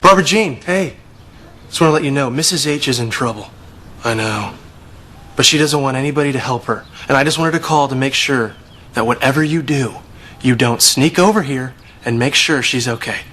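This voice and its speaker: An actor playing a whiny, goofy young husband. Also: male voice, fairly quick, bright, forceful tone, a little hiss or hum, lightly acted. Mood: scheming. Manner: squeaky melodramatic outbursts. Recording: sitcom stage with audience laughter.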